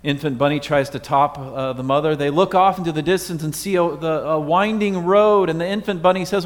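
A man preaching a sermon as pastor, telling stories and dropping his voice slowly for emphasis. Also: fairly high pitch. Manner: storytelling with emphatic slow drops. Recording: echoey hall.

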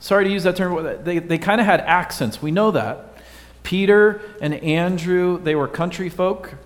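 A man's voice: sits high, moderate pace. A male pastor giving a conversational sermon, quizzing his congregation with a light, joking manner. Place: church sanctuary. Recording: long hall reverb.

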